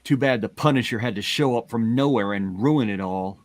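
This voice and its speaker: In a mid-range voice at a moderate pace, a man reads from a comic, giving a cocky young hero a playful voice. The recording has no echo.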